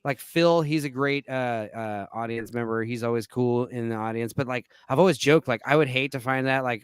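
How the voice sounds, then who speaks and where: A man in his forties hosting a casual online chat, rambling with lots of fillers and bursts of excitement. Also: mid-range voice, a little fast, hardly any pauses, clean tone, no room sound. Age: 40s. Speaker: host.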